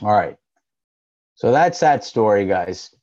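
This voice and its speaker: A man's voice: fairly low pitch, very animated, slow pace, darkish tone, dull audio. A man hosting his own channel, telling a long personal story in a casual, rambling way, with restarts and laughs. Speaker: channel host.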